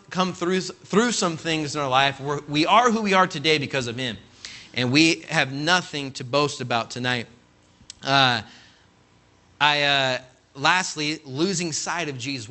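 A man from California, an assistant pastor, preaching a conversational sermon full of stories and calling out "Amen?" to the congregation. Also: fairly high pitch. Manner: animated, acts out quoted voices, calls "Amen?" to congregation.

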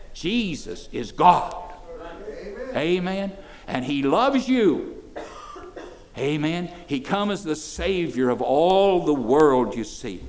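An older man, preaching to children, moving between soft, folksy asides and loud, emphatic declarations. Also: a little high. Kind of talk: sermon to children.

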